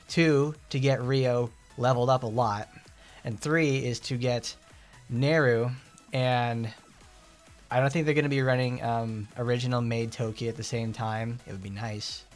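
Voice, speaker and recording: Rambling, excitable male gaming streamer. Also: medium pitch, moderate pace, soft background music. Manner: rambling, excitable, self-correcting. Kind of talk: casual gameplay commentary.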